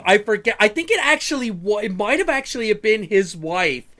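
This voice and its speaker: A male stream host tells casual, animated stories, swearing freely and tripping over his own restarts. His voice sits high and swings widely in pitch. The tone is bright and forceful. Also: normal speed. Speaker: show host. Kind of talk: casual storytelling on a live stream.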